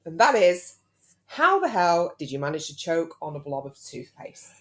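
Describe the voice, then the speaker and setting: A woman's voice: fairly low pitch, very animated, normal speed, a bit bright. A British woman in her thirties hosting a podcast, chatty and teasing in casual talk with her husband. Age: 30s. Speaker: podcast host. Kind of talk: casual chat.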